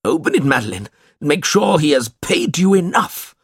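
A man puts on a bitter, ailing old father from a storybook, voice lifted high and swinging wildly as he snaps out orders. The tone is husky, recorded dry and close. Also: very animated, moderate pace, no echo, heavily acted. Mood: suspicious. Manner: shouting, sharp and demanding. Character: bad-tempered sickly older father, demanding.

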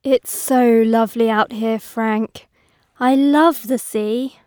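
A woman reading a slow-spoken friendly young woman. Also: fairly high pitch, steady tone, a little mellow, no room sound, clean studio sound. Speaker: dialogue actor in a listening exam. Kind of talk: scripted dialogue reading.

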